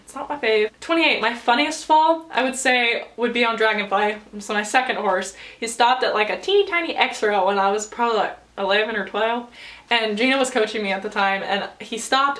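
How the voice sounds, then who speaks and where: In a casual vlog captured with a camera mic, an eighteen-year-old American woman from the United States responds to viewer questions, chatty and bubbly with giggles between answers. Her voice is mid-range with a slightly bright tone.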